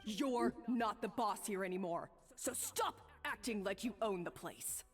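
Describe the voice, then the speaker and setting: An actress playing a proud, touchy young head chef in a game, snapping defiantly, with lively pitch in audio with long reverb. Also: female voice, a little slow, faint music behind, lightly acted.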